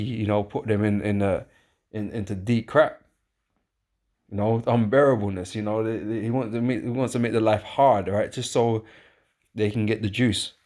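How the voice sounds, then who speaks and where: Rambling, low-voiced man preaching. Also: a little mellow. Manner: rambling, repetitive, emphatic with frequent fillers and tag questions. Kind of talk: informal preaching with scripture reading.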